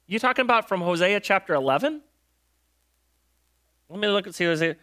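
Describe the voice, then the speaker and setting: A man's voice: high-pitched, very animated, a little fast, bright, forceful tone. A man preaching a sermon in a casual, conversational way, retelling Bible stories in slang and quizzing listeners with rhetorical questions. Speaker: pastor.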